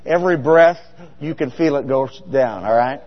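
A middle-aged man preaches a humorous sermon full of stories, chatting as pastor and often putting questions to his congregation. He has a mid-range voice and moderate pace, and the sound is dull with a long hall reverb.

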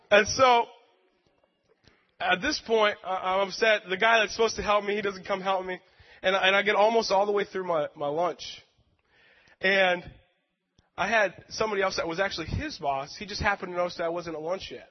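A man's voice: high voice, normal speed. A man preaching a sermon and telling a personal story in an earnest, emotional, self-deprecating way. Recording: dull sound with long hall reverb.

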